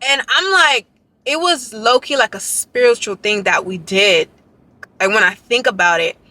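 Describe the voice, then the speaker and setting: A young woman tells a story to her camera in a bright, slightly high voice. She rambles with excitement and keeps reaching for "like" and "y'all" as she goes. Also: unhurried. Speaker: dance vlogger. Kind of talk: casual storytelling vlog.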